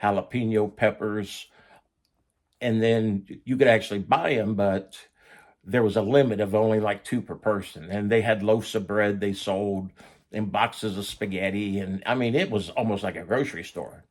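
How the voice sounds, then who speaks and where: A man's voice: lowish voice, steady tone, moderate pace. A man casually telling a story about his own past, blunt and profane in a conversational way.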